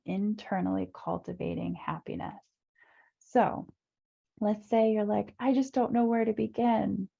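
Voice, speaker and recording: A woman life coach talks through a webinar in an earnest, repetitive way, often acting out the inner voices of her listeners. Her voice is gravelly with a warm, mellow tone. The audio is dull and lo-fi, like a computer mic on a video call. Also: mid-range voice. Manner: earnest, repeats phrases, acts out inner voices. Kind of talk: webinar talk.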